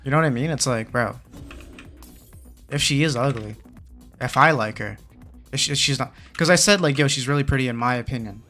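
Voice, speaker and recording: A man's voice: medium pitch, a little fast, pauses often, sharp tone, faint music behind. A young man hosting a gaming channel, telling a story in casual slang with lots of fillers, then muttering along as he plays. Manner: muttering game commentary. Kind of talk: casual chat while playing a game.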